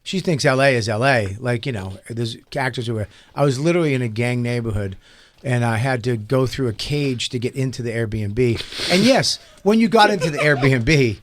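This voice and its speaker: Animated man telling comic stories. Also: medium pitch. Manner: animated storyteller, quick laughs. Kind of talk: casual comedic chat.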